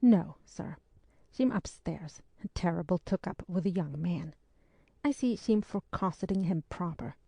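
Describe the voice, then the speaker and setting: A woman's voice: on the low side, animated, unhurried, gravelly, warm tone, husky, no room sound, heavily acted. A woman voicing a loyal, anxious old sailor-servant who talks in rustic dialect in an audiobook. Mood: earnest. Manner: rustic dialect speech, earnest.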